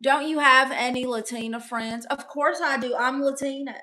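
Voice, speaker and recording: A woman's voice: high voice, fairly even intonation, moderate pace, pushed and bright. A woman doing a comedic livestream in character, brash and playfully boastful as she reads out chat messages.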